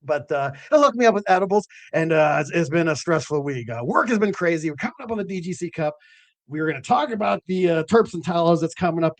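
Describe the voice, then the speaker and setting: Lively, higher-voiced man rambling casually. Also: quick pace, dry recording. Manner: rambling storytelling with many fillers and swearing. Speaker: host of a cannabis growing show. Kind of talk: casual late-night show chat.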